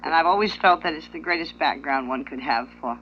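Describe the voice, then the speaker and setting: A woman from New England answering radio interview questions in a crisp, wry, poised way, on a lo-fi 1960s recording with a clear hum. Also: sits low, a little fast. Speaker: actress guest.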